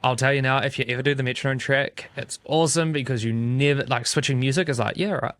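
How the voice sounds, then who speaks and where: Gravelly New Zealand man, animated. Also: mid-range voice, fast, no echo. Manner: animated, acts out quoted voices. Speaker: podcast guest, video studio founder. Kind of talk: casual podcast chat.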